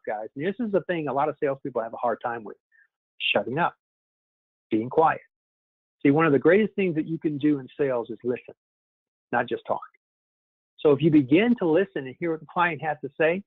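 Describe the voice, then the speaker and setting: A man's voice: fairly high pitch, lively intonation, a little fast, pauses often, slightly rough, no room sound. Upbeat male sales trainer on a phone line. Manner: upbeat, coaching, keeps addressing the group as "guys". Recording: tinny phone line, dry.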